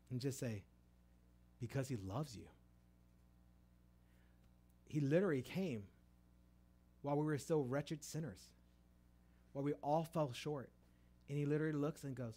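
A middle-aged man preaching a sermon. He tells stories with many restarts, rising loud for emphasis and dropping soft. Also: fairly high pitch, normal speed, pauses often.

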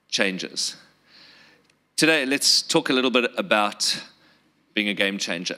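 A man's voice: lowish voice, bright, forceful tone. A man with a South African accent preaching a sermon earnestly, with repeated words and rhetorical questions. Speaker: pastor.

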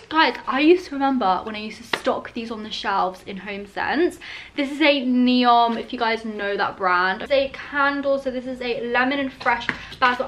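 A woman's voice: on the high side, a bit bright, slight background noise. A young woman vlogging at home while unboxing, gushing and filling her talk with "like" and "oh my god.". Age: young adult. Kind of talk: casual unboxing vlog. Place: at home indoors. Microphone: handheld camera.

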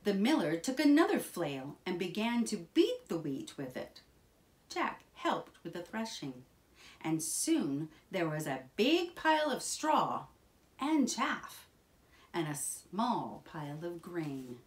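A woman reading a children's picture book aloud in a slow, expressive, sing-song way. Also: fairly low pitch. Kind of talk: children's storybook read-aloud.

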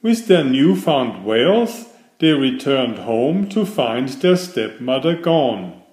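A man reading a fairytale aloud in slow, expressive, scripted storybook narration. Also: medium pitch. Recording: echoey room.

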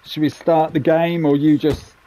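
A man's voice: a little high, flat delivery, moderate pace, mellow. Chatty man doing gameplay commentary. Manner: chatty, jokey, rambling asides. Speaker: gaming channel host.

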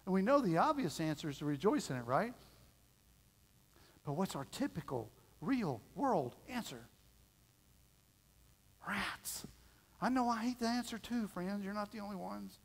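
Man preaching in a church, kinda high voice, folksy and animated, echoey hall. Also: moderate pace. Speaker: pastor. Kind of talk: sermon. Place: church sanctuary. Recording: long reverb of a church hall.

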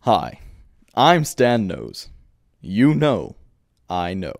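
A man plays a self-important television news anchorman in a comedy sketch. He speaks in a slow, measured, grandiose way, lingering over every phrase. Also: lowish voice, wildly swooping pitch, creaky, heavily acted. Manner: pompous, grandiose.

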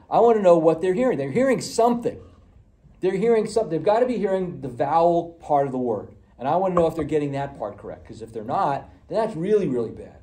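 A man giving a conversational audiology lecture, full of fillers and restarts, who gets animated when he acts out patients. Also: medium pitch, echoey room, distant mic, low-quality recording. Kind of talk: recorded classroom lecture.

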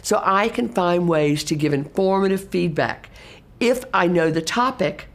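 A middle-aged woman, an assistive technology specialist, explaining teaching practice in a lively way and acting out classroom exchanges. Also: sits low. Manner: animated, acts out classroom exchanges in exaggerated teacher voices.

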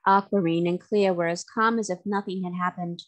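A woman tutor reading a storybook chapter aloud in a clear, measured way. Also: lowish voice, steady tone.

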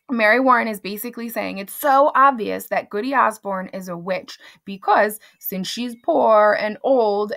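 A woman teacher talks students through a story in a relaxed, conversational way, with frequent asides. Her voice carries a noticeable gravelly fry at a mid pitch. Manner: conversational, chatty, with fillers and asides. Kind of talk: casual spoken lesson summary.

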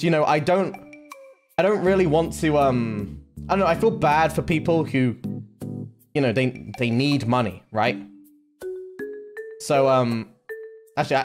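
A man's voice: a little high, moderate pace, pauses often. A young man streaming, telling a story casually with lots of swearing and restarts. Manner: animated, heavy swearing, lots of fillers and restarts. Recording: music playing behind.

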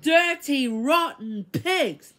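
A woman's voice: high voice, very animated, normal speed, fairly bright tone. A woman voicing a rude, foul-smelling new boy with a screeching, hissing voice and a hostile, insulting manner. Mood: angry.

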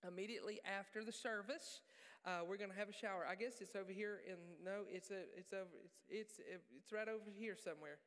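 A male pastor preaching a sermon in a church, joking and animated, poking fun at himself. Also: high-pitched, brisk. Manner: joking, animated, self-deprecating. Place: church sanctuary. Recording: reverberant church hall.

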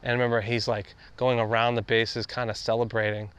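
A man calmly recalling a story about a teammate in an interview. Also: mid-range voice, fairly quick, a little hiss or hum.

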